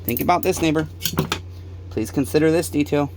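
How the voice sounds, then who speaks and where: A slightly high, somewhat mellow male voice comes through briskly, with slight background noise. The speaker runs a small-engine repair shop and is angrily ranting and pleading to the camera, profane and repetitive.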